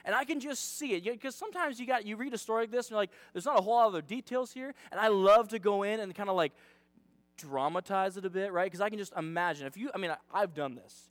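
Male youth pastor, casual sermon, high voice, dry close sound. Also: fast, a bit bright, no echo. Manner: chatty, dramatizing, self-deprecating.

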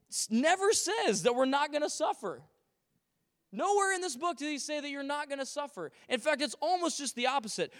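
A pastor delivering a sermon in a high, light voice. He preaches with animated emphasis, slips into jokes and acted-out quotes, and his words ring through a church hall with a long reverb. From Canada. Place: church sanctuary.

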